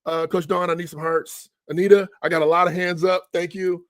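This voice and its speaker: A middle-aged man hosts a motivational live stream as a money coach, and his voice sits a little high for a man. He is punchy and emphatic and stacks repeated phrases. The sound is dry and close. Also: level tone, a little fast, no room sound. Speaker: money coach and show host.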